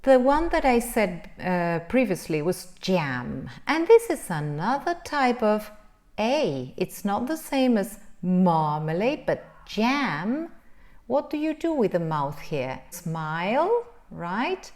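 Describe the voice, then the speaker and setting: Lady teaching english sounds, super slow, voice goes way up and down. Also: mid-range voice, sing-song, a little mellow. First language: Spanish. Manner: drawn-out sounds, frequent "right?" checks. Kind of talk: pronunciation lesson.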